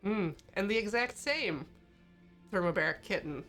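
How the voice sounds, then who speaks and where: A woman's voice: mid-range voice, expressive, normal speed, fairly bright tone, soft background music. A woman co-hosting a stream in casual chat, reading subscriber thanks and laughing often. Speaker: stream co-host.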